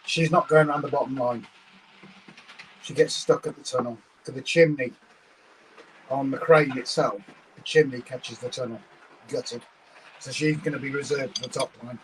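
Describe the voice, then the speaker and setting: A man's voice: mid-range voice, fairly even intonation, moderate pace, pauses often, slight background noise, rough recording. A man co-hosting a casual livestream, talking in a laid-back way with dry humour. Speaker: livestream co-host.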